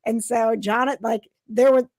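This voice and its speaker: A woman's voice: fairly high pitch, fairly even intonation, measured pace, a little mellow, no room sound, studio quality. A woman hosting a talk show, chatting casually and laughing often as she retells a story. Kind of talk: casual chat.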